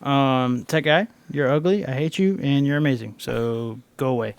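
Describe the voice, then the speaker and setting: A man's voice: mid-range voice, normal speed, gravelly, clear, resonant tone, dry recording. A man co-hosting a sports podcast, rambling and joking with many fillers. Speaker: podcast co-host. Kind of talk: casual chat.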